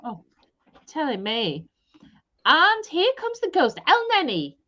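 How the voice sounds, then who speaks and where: A woman's voice: high voice, wildly swooping pitch, slow, lo-fi sound, a crowd in the background. A married woman co-hosting a live stream from a caravan, chatting casually with giggles and playful teasing. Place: caravan in mid Wales, rain outside.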